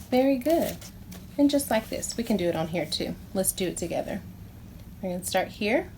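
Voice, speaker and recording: A woman teaching preschoolers, speaking in a slow, sing-song, encouraging way and repeating words clearly for small children. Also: medium pitch, animated, darkish tone, a little hiss or hum. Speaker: pre-K teacher.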